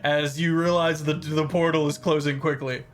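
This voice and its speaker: A game master running a tabletop game, relaxed and prone to laughing asides while describing the scene. The voice sits at a middling pitch. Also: moderate pace.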